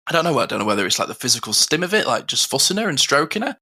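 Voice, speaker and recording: A man's voice: medium pitch, big pitch swings, very fast, sharp tone, breathy edge. A man co-hosting a podcast, talking heartfelt and rambling with lots of fillers. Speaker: co-host. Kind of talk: casual podcast chat.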